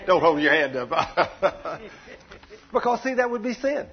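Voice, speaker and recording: Folksy preacher guy, high husky voice, chatty sermon, dull lo-fi recording. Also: big pitch swings, a little slow. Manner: folksy, conversational, joking with the congregation.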